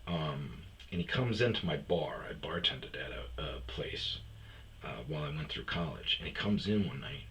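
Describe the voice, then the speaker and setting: A man's voice: very deep voice, expressive, normal speed, fairly bright tone, a little hiss or hum. A middle-aged man hosting a podcast, telling rambling, profane comic stories and acting out the lines of the people in them. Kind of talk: casual comedic storytelling.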